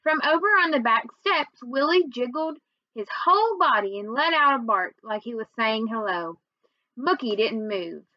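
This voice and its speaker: With a fairly high, animated voice at normal speed, a woman teacher opens by summarizing the story so far, full of fillers, before reading the next chapters of a novel evenly to her students. The recording is lo-fi and echo-free.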